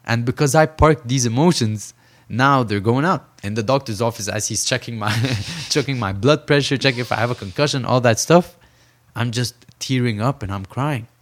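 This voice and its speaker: A man's voice: medium pitch, moderate pace, few pauses. A young man from Saudi Arabia, a professional boxer, talking earnestly in an interview and repeating phrases for emphasis. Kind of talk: reflective interview conversation.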